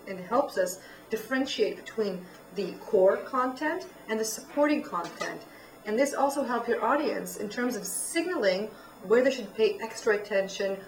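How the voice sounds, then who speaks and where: Female speech coach, instructive, demonstrating delivery; distant mic, roomy echo, faint room noise. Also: medium pitch. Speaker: presentation coach. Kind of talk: feedback on public speaking. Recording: echoey room, voice from far off.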